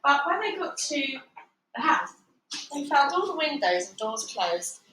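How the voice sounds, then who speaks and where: A woman's voice: a little slow, roomy sound, a little hiss or hum, low-quality recording. A woman reading a children's storybook aloud, raising her voice for the characters' lines. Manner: lively, voices quoted lines with higher, louder pitch. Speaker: storybook reader. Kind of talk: read-aloud storybook narration.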